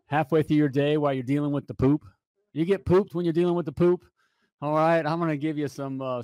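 A man's voice: on the high side, no echo, studio quality. Upbeat chatty male talk-show host. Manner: energetic and chatty, often asks "all right?". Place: home studio.

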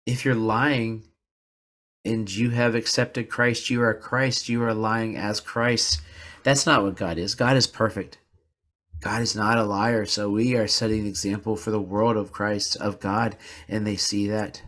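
A man's voice: on the low side, steady tone, measured pace, fairly bright tone. A man hosting a podcast, telling a personal story in an earnest, confessional way and repeating words for emphasis. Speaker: podcast host. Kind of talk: personal reflective podcast monologue.

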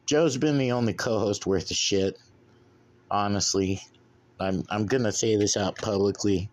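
A man hosts a podcast by himself, rambling casually and bluntly, swearing plenty as he drinks beer. His voice is fairly low in pitch and a little slow.

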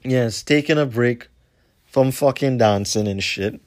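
A man hosting a podcast tells a meandering story, getting heated and swearing, repeating himself and letting his lines trail off low. His pace is measured and his tone a bit mellow.

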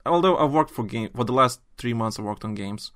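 A man chatting on a gaming podcast, recorded close and dry. He talks in animated bursts and rants, stumbling into restarts as he goes. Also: mid-range voice, brisk, no room sound. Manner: animated, ranting, trails off into restarts. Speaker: podcast host. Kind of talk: casual chat.

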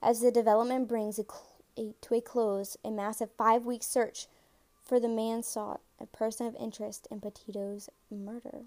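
Fairly high-pitched and at a moderate pace, a podcast host chats through a casual true-crime episode. She's excitable, speaks directly to her audience, and now and then stumbles over words while reading.

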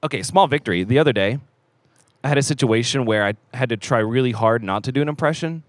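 A young man hosting a church podcast, chatting casually with an energetic, playful manner. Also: medium pitch, fast, dry recording. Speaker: podcast host. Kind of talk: casual chat. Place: church theater.

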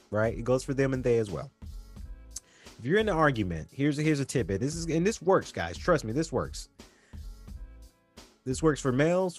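A young man talks straight to his viewers in an earnest, circling way, repeating himself as he hands out relationship advice. His voice sits at an ordinary pitch but moves around a lot, lively and expressive. Faint music plays quietly behind him. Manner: earnest, repetitive, drops to a soft low voice when demonstrating calm talk. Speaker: vlogger giving advice. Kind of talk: casual advice monologue.

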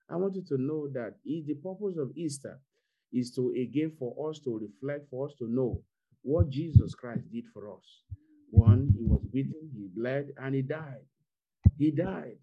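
Man preaching over lo-fi audio. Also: medium pitch. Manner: repetitive, building to fervent exhortation. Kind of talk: sermon. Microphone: online video call.

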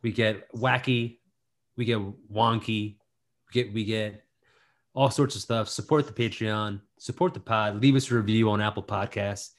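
A man's voice: on the low side, fairly even intonation, normal speed. Playful punning man, podcast co-host. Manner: playful, punning, repeats phrases as a running gag. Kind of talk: casual chat.

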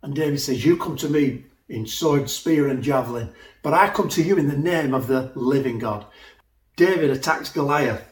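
A man's voice: medium pitch, moderate pace, roomy sound. A man preaching a sermon, retelling a story animatedly and acting out the voices.

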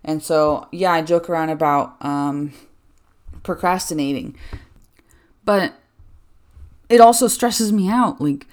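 A woman's voice: low-pitched, takes it slowly, pauses often. A young woman in her twenties talking candidly in a personal vlog, rambling and full of fillers. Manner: rambling, filler-heavy, self-deprecating. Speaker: vlogger.

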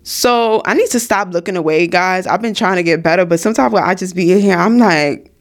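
A woman's voice: lowish voice, fairly quick. A young woman, casually telling a storytime in a slangy, emphatic way from her home studio. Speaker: vlogger.

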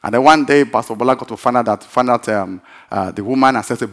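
A male pastor telling a story in a sermon, animated and repetitive, often breaking into laughter. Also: medium pitch, fast.

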